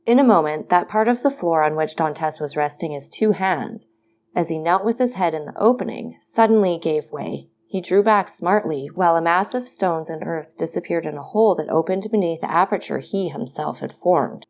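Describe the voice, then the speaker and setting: A woman narrating a classic novel aloud in a steady, expressive reading. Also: lowish voice, moderate pace. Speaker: audiobook narrator.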